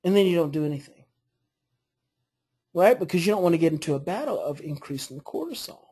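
Husky woman coaching parents. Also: lowish voice, fast talker. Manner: earnest, explanatory, models calm phrases for parents. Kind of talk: teaching a parenting class.

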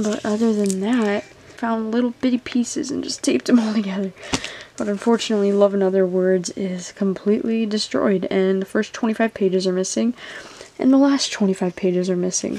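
A woman's voice: medium pitch, vocal fry, dark tone, a little hiss or hum. Stressed young woman vlogging casually. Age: young adult. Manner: filler-heavy, swears often. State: stressed and upset. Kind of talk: casual vlog talk.

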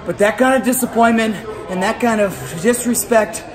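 A man's voice: high-pitched, fairly even intonation, fairly quick, crowd noise, background noise. A man in his thirties, a wrestler vlogging on tour, chatting casually with mock-dramatic, theatrical complaining. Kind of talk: casual vlog chat.

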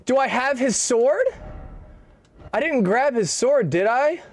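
High-voiced young man streaming a game. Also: animated, takes it slowly, soft background music. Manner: casual and profane, swears freely. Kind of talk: live gameplay commentary.

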